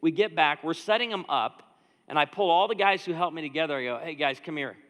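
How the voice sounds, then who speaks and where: Male pastor, higher-pitched and forceful, storytelling sermon, long hall reverb. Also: quick pace. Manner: animated, conversational preaching with asides to the audience. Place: church auditorium.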